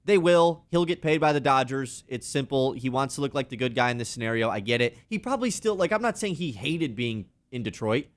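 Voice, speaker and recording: A man co-hosting a sports radio show, talking in animated, sarcastic banter and mocking with put-on quotes. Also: medium pitch, a little fast, few pauses.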